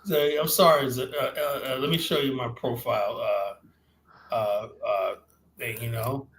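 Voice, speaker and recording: A man hosts a podcast in casual chat. His voice sits at a middle pitch, and his delivery is laid-back and teasing. Faint room noise sits behind him. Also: steady tone, normal speed, fairly bright tone.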